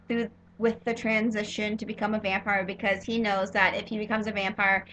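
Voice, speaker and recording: Bright-voiced young woman rambling about TV. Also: mid-range voice, a little hiss or hum, low-quality recording. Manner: rambling, gushing, lots of filler "like"s and restarts. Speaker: TV episode reviewer. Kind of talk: casual spoiler review monologue.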